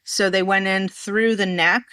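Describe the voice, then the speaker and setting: A woman telling a rambling story in a casual podcast conversation, acting out what people said with lively swings in her voice. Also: medium pitch, measured pace, clean tone, no echo. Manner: animated, rambling, acts out quoted dialogue.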